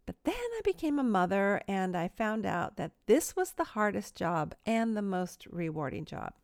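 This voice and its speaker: A woman's voice: medium pitch, very animated, moderate pace, a little mellow, dry recording, studio quality. A middle-aged woman giving an earnest, self-deprecating devotional talk, full of small stories from home. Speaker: Christian speaker.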